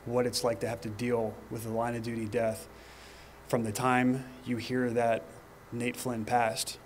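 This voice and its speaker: Guy in his 30s giving a fire training talk, earnest and steady, kinda monotone, little hiss behind. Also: mid-range voice. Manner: earnest, personal storytelling with pauses and restarts. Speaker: fire department lieutenant presenter. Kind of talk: training presentation.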